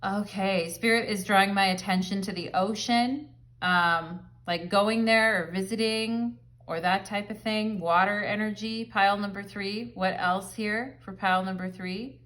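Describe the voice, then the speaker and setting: A woman talks to camera in a chatty, rambling way, filling her tarot reading with "like" and "um". She sounds relaxed and at home, speaking in a mid-range voice. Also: mid-range voice, unhurried. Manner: chatty, rambling, filler-heavy. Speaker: tarot reader. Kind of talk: casual pick-a-card tarot reading.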